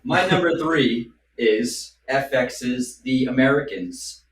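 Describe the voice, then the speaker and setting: A man's voice: medium pitch, slow pace. A man in his thirties on a podcast, talking casually and playfully. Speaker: podcast host. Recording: echoey room, distant mic, faint noise.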